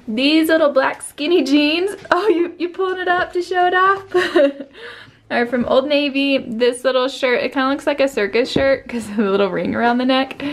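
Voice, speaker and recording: A young woman, a mom, chatting casually to the camera in a family vlog, often cooing to her baby in a sing-song voice. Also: sits high. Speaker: vlogger mom. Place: home.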